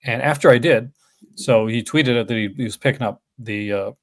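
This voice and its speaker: A man hosting a casual livestream about films, speaking at a middling pitch. He talks in a halting, chatty way, circling back and restarting his sentences. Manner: hesitant, full of fillers and restarts. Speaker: host.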